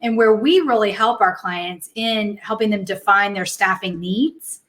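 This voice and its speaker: A woman guest on a business podcast, explaining her services with confident, brisk, sales-minded talk. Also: medium pitch, fairly bright tone. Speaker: guest, virtual assistant business owner. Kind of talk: casual interview talk.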